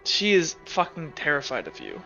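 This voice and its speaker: A man's voice: fairly high pitch, wildly swooping pitch, moderate pace, gravelly, sharp tone, highs cut off, soft background music. A man narrating as game master of a tabletop game, rambling with lots of fillers. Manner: rambling, filler-heavy narration with frequent restarts.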